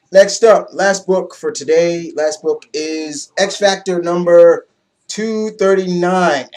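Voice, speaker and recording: A young man giving a casual, excitable comic book review, loose and swearing freely. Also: sits high.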